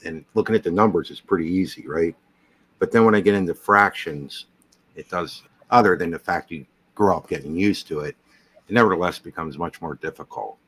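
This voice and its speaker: A man with a deep, low-pitched voice talks casually. He asks curious beginner questions and often restarts his sentences as he works through an idea. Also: fairly quick, fairly bright tone, husky. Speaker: host. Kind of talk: casual chat.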